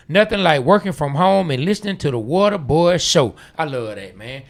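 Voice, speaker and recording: Man, podcast co-host, relaxed banter, hype shout-outs. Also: fairly high pitch, moderate pace, gravelly, hardly any pauses. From Atlanta, USA. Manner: loose, teasing, hype, reads listener comments aloud. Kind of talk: casual podcast chat.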